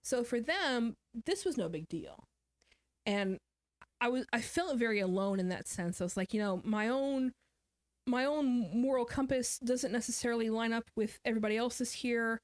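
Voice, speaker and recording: A woman's voice: a little high, normal speed, no room sound. A woman guest author telling a personal story in an interview, candid and somber, often quoting what others said.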